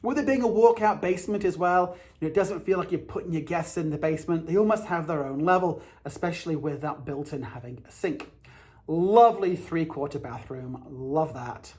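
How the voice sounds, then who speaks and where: A man's voice: a little high, brisk, darkish tone. A man from England, a realtor narrating a home tour in an upbeat, chatty way as he points out the features of each room.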